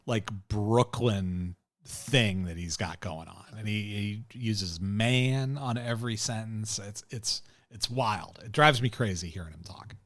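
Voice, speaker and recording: A man's voice: lowish voice, unhurried, fairly bright tone, no room sound, studio quality. Rambling, opinionated male podcast host. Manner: rambling, opinionated, frequent fillers and chuckles. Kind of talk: casual chat recapping a TV episode.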